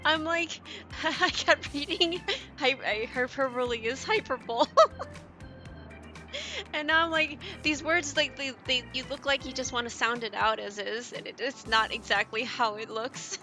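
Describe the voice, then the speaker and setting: A woman's voice: sits high, steady tone, unhurried, bright, forceful tone, soft background music. A woman streamer chatting casually with viewers, rambling and giggling often as she mocks herself. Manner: giggly, rambling, self-mocking. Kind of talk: casual gaming stream chat.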